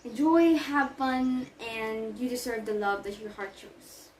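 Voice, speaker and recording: A woman's voice: fairly high pitch, unhurried, a little mellow, a little hiss or hum, natural voice. A woman playing a flustered nurse in an amateur school play, stammering and correcting herself. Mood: fussy. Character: fussy, flustered nanny, middle-aged woman. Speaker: Juliet's nurse in a class play. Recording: echoey room, far from the mic.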